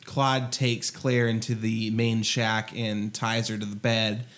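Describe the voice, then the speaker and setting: A man's voice: on the low side, flat delivery, slow, fairly bright tone. Man casually recapping a movie plot. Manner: retells the plot with many fillers. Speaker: podcast co-host. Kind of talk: casual movie review chat.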